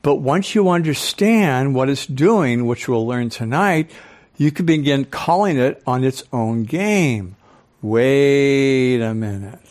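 An older man giving a live lecture to an audience as a speaker and professor, animated, often quizzing listeners with questions. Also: medium pitch, a little slow. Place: club hall with a live audience.

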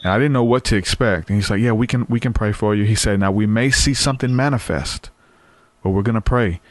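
A man tells his story in an earnest, easygoing way, often restarting his sentences. His voice sits low. The sound is close and dry, with no room echo. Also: quick pace. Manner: earnest, conversational, frequent fillers and restarts. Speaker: guest sharing testimony. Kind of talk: casual storytelling.

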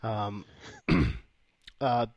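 A man co-hosting a casual comedy podcast, profane and quick to laugh, recapping a match play by play. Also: fairly low pitch, lively intonation, dry recording. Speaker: podcast co-host.

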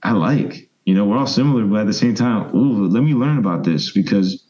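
A man in his thirties, a guest telling long, animated stories and acting out other people's voices. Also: fairly low pitch, fairly quick, highs cut off. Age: 30s. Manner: rambling, animated storyteller, mimics voices. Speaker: interview guest. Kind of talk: casual storytelling interview.

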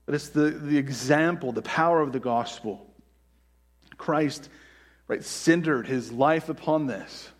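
Emphatic male pastor preaching. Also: fairly high pitch. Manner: emphatic, slows down to stress key words, many "right?" asides. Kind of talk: sermon.

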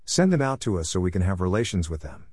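A man's voice: sits low, big pitch swings, quick pace, a little mellow, slightly rough, no echo, studio quality, full character voice. A man reading the menacing demands of a hostile crowd of men. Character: hostile mob of city men.

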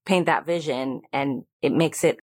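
A woman's voice: deep voice, a little slow, no echo. A woman guest-hosting an interview, affirming and encouraging as she asks questions and agrees. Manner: warm affirming listener, encouraging. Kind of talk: conversational interview.

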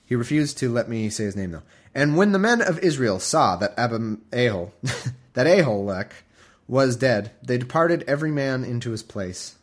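A man's voice: medium pitch, lively intonation, moderate pace. A man hosting a podcast, reading scripture aloud with wry, irreverent asides. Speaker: podcast host. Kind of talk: comedic scripture reading with commentary.

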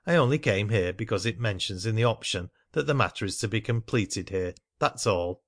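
A man's voice: lowish voice, expressive, moderate pace. A man reading a self-assured provincial businessman. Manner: polite and confident.

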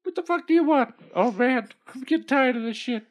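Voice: sits high, fairly quick, pitched above the performer's own voice, lightly acted. A performer voicing a crude, exasperated goldfish in a comic storybook reading. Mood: grumpy. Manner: foul-mouthed, exasperated. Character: crude grumpy goldfish granting wishes.

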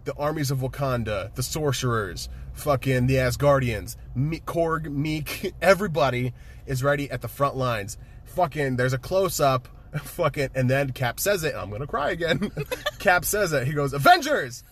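A man casually retelling a movie with excitement, swearing freely and laughing often. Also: medium pitch, moderate pace, slight background noise. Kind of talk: casual chat, movie recap.

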